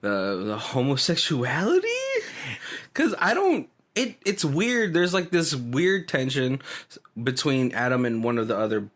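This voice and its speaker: Animated laughing man co-hosting. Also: mid-range voice, a little slow. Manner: animated, laughs often, many restarts. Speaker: podcast co-host. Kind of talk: casual movie commentary chat.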